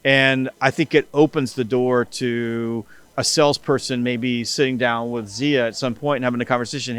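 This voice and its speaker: Brief: middle-aged male guest, mid-range voice, chatty and animated, acts out quotes as he tells a story. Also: mid-range voice, moderate pace, clear, resonant tone. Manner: animated storyteller who acts out dialogue, with many restarts. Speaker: guest, sales company CEO and author. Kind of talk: casual podcast interview.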